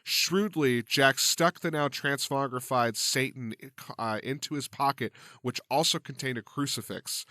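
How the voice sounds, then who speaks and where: A man's voice: medium pitch, unhurried, few pauses, bright, forceful tone, no room sound, studio quality. A man co-hosting a comedy podcast, reading a folk tale aloud with dramatic storytelling and casual asides. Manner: dramatic storytelling with big words. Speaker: podcast co-host.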